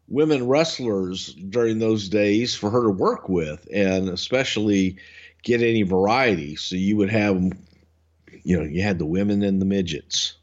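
A man co-hosting a podcast, telling stories in a casual, profane way and swinging between low grumbling and loud outbursts. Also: highs cut off. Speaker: podcast co-host, wrestling veteran.

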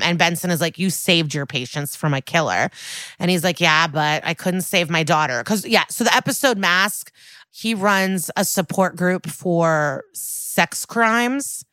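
A woman's voice: on the low side, dry recording. A woman co-hosting a podcast, recapping a crime TV episode in casual chat, quoting characters and swearing freely. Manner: swearing, lively recap with quoted dialogue.

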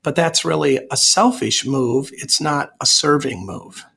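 Husky-voiced man, earnest pastor. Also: on the high side, unhurried, sharp tone. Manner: earnest, plain-spoken, explaining with examples. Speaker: Lutheran pastor, guest. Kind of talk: radio interview answers.

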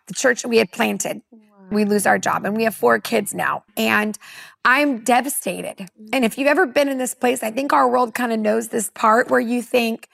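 Gravelly high-voiced woman preacher. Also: dry recording, studio quality. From California. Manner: earnest, animated storyteller who acts out dialogue. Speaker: women's pastor. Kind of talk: personal testimony in a panel conversation.

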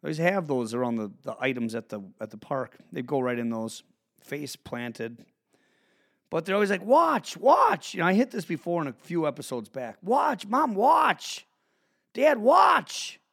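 A man hosting his own podcast, ranting in a profane monologue that swings from low mutters to shouts. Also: lively intonation, brisk. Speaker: podcast host.

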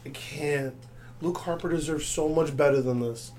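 A man's voice: on the high side, moderate pace, darkish tone, slight background noise. A man co-hosting a casual talk podcast, ranting with exasperation. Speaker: podcast co-host. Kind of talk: casual wrestling recap chat.

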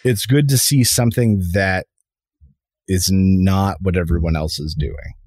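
A man co-hosting a casual podcast chat, easygoing and measured as he reviews a trailer. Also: low-pitched, lively intonation, darkish tone, no echo, clean studio sound. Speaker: podcast co-host.

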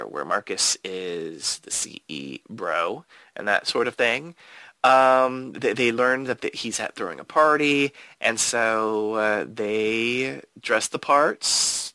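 A man co-hosting a podcast in casual chat, enthusiastic and playful, his pitch swooping up and down. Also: bright, forceful tone, dry recording. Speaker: podcast co-host.

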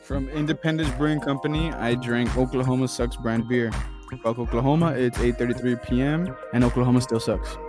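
A young man on a casual sports podcast, talking bluntly and crudely with a deadpan manner. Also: mid-range voice, a little fast, over music.

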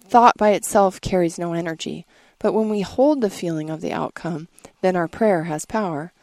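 This woman reads in a measured, earnest way with a low voice and a gravelly edge. The sound is close and dry, with no room behind it. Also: a little mellow, dry recording. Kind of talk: scripted reading.

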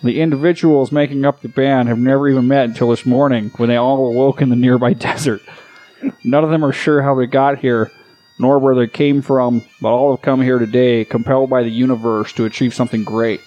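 A man doing a parody of a pipe band field announcer in a slow, mock-formal delivery. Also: medium pitch, fairly even intonation, mellow, dull audio, soft background music, close to an everyday voice. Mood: mock-solemn. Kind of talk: comedy podcast banter.

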